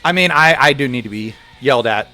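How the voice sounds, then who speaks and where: Lively, bright-voiced male streamer. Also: mid-range voice, brisk, soft background music. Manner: animated, swears, laughs often, breaks into loud outbursts. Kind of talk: casual gaming stream chat.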